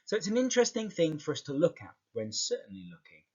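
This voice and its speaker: A man's voice: on the high side, wildly swooping pitch, quick pace, a little mellow, breathy edge. A man teaching English in an explanatory video lesson, often checking in with "okay" as he talks the class through. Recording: muffled lo-fi recording.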